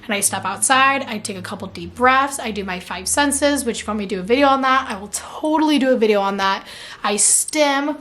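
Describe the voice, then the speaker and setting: With a fairly high, somewhat bright voice and a fairly quick delivery, this young adult woman chats through viewer questions on her vlog. She fills the gaps with "like" constantly and laughs at herself mid-sentence.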